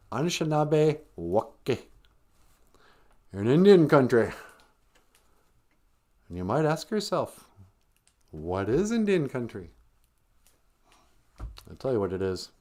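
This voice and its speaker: Hosting a live stream on the Ojibwe language, a man with a mid-range, darkish voice jokes playfully, teasing, laughing, and breaking into song. For his jokes he adopts a grumpy old-man voice, scolding in mock-elder style.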